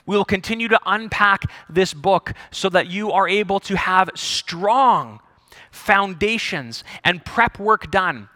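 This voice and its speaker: A male pastor preaching a sermon, telling the story in an animated way with jokes and acted-out voices. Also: high voice, slow pace, no echo, clean studio sound.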